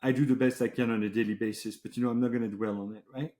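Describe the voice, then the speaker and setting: Man, podcast host, casual, relaxed storyteller, warm mellow tone, mid pitch. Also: rapid-fire, echoey room. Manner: relaxed storyteller, lists with long run-on phrases. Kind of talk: casual chat and joke-telling.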